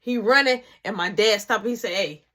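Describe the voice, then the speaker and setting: Animated slangy storyteller woman. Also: a little high, moderate pace. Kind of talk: casual storytime narration.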